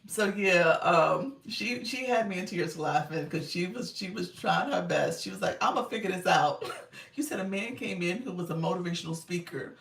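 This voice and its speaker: Gravelly low-voiced woman coaching live. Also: moderate pace, fairly bright tone. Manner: chatty, greets viewers by name, laughs often. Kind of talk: casual live-stream chat.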